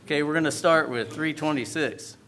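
A man leading a church service, making relaxed, joking announcements before calling out the hymn numbers. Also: fairly high pitch, brisk, a little hiss or hum. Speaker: worship leader. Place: church sanctuary.

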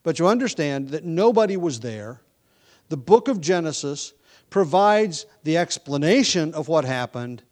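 A man with a slightly higher voice gives an expository sermon in a measured, deliberate way. He slows down on key words, now and then restarts a phrase or adds an um, and teaches steadily through the text. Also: big pitch swings, a little mellow. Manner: occasional ums and self-corrections. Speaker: preacher.

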